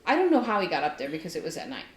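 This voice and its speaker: A woman with a slightly low voice tells an animated, laugh-filled story in casual conversation. Her voice rings in a roomy space. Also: very fast. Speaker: podcast co-host. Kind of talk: casual chat. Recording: roomy echo.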